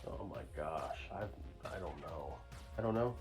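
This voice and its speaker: A man's voice: very deep voice, lively intonation, normal speed, over music. Young guy on a movie podcast, hesitant, lots of ums. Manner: unsure, thinks aloud with fillers. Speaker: podcast co-host. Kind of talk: casual movie podcast chat.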